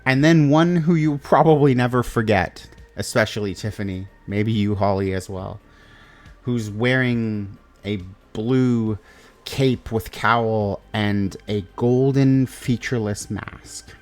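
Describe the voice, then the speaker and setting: A man narrating a tabletop game as game master, in a deliberate way with plenty of fillers. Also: fairly low pitch, faint music behind.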